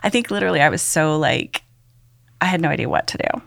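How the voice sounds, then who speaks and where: A woman's voice: deep voice, lively intonation, fast talker, gravelly, fairly bright tone, no echo, studio quality. A woman, a podcast guest, giving an earnest personal testimony, rambling with many "likes" and ums.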